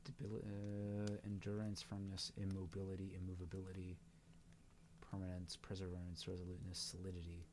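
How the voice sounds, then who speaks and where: A man's voice: sits low, completely flat delivery, a little fast, darkish tone, a little hiss or hum. A man hosting a casual livestream, musing aloud and reading word lists off the screen. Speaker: stream host.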